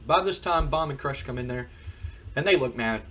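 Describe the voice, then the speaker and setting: A man's voice: medium pitch, lively intonation, moderate pace, fairly bright tone, slight background noise. A man hosting a let's-play, casually recapping what happens and slipping into quoted dialogue as he retells it. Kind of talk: casual game commentary.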